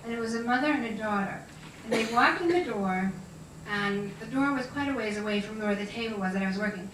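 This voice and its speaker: A woman shares lively stories about talking with animals, laughing often. Her voice is bright and a little high. She sounds distant, in a reverberant room with faint noise. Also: fairly quick. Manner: chatty, laughing, animated storyteller. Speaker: animal communicator. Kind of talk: storytelling talk to an audience.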